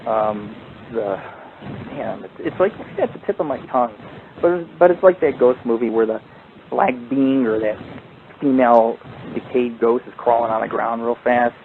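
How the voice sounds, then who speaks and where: A man telling a rambling, profane ghost story at an ordinary pitch. His voice comes through a tinny, phone-like line with a faint hiss underneath. He swears freely and keeps the story moving. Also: normal speed. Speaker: paranormal radio show host. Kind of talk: casual storytelling chat.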